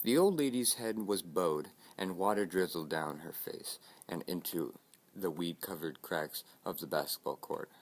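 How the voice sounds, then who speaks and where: A man giving measured, scripted narration of a story. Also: low voice.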